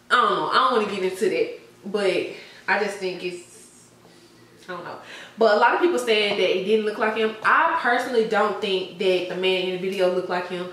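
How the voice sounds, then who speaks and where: A woman's voice: mid-range voice, fairly bright tone, far from the mic. Chatty woman in a very echoey room. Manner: chatty, laughs often, trails off with "I don't know". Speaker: vlogger. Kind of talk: casual gossip chat.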